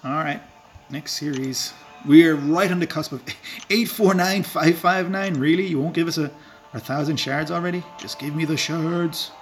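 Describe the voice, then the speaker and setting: A man's voice: on the high side, normal speed, soft background music. Rural Irish man chatting over gameplay. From Ireland. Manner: rambling and self-deprecating, with filler words and chuckles. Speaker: game streamer. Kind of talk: casual live-stream chat while gaming.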